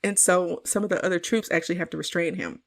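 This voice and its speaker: A woman co-hosts a relaxed film review podcast. She retells the plot with lively energy and laughs easily. Her talk is casual and conversational. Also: fairly low pitch, crowd noise. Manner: animated retelling, quick laughs. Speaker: podcast co-host. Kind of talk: casual movie review chat.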